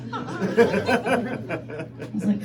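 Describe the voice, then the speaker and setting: A woman's voice: drawn-out words, reverberant, far from the mic, crowd noise, noisy background. A young woman doing a chatty, self-deprecating stand-up comedy set in a club, often breaking into giggles.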